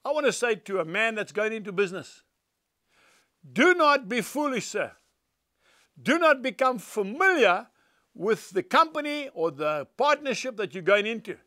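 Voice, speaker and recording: A man's voice: high voice, very animated, normal speed, bright, forceful tone, no room sound, studio quality. An older man, telling stories and preaching in an earnest, emphatic devotional talk.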